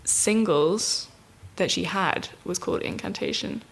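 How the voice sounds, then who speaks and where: A woman's voice: lowish voice, a little slow, creaky, breathy edge. Easygoing woman guest. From Yorkshire, England. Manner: easygoing, chatty, laughs readily. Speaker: guest musician. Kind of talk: casual podcast chat.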